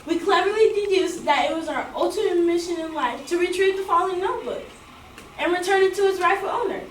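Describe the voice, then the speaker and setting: Very high woman reading as extra, theatrical Bobby. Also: fairly quick. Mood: playful. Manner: reading lines with storytelling flourish. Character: Bobby, a theatrical over-the-top girl. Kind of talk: rehearsal line reading. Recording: roomy, distant mic, faint background noise.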